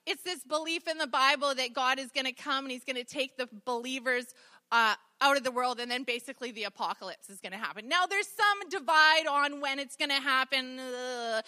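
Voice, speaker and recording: A woman's voice: sits high, brisk, bright, forceful tone, smooth. A woman preacher giving a conversational sermon, telling stories with humor. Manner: chatty, storytelling with humor.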